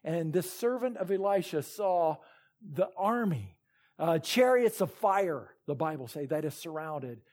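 A man's voice: a little high, lively intonation, measured pace, a little mellow. A man preaching a sermon as pastor, reading scripture and retelling Bible stories with earnest emphasis.

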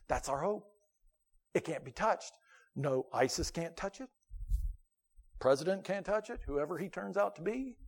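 A man preaching a sermon at a church service, animated and conversational, swinging between loud emphasis and quiet asides. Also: fairly high pitch, creaky, husky. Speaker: pastor.

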